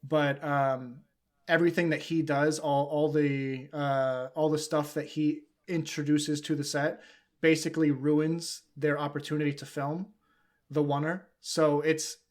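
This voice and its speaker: A man's voice: on the high side, flat delivery, a little slow, darkish tone. A man co-hosting a podcast, talking casually and rambling with many fillers and restarts. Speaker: podcast co-host. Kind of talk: casual chat.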